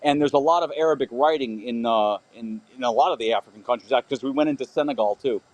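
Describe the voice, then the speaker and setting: A man's voice: medium pitch, quick pace, lo-fi sound. A man calling into a talk show, defensive and exasperated, swearing as he pushes back. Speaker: caller. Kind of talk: heated call-in argument.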